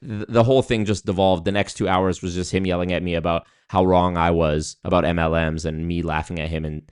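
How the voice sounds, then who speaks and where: A man with a slightly low voice tells a story in a casual, animated way. He hosts the show and acts out the lines of the people in his story. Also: brisk, clear, resonant tone. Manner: animated retelling with quoted voices. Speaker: host.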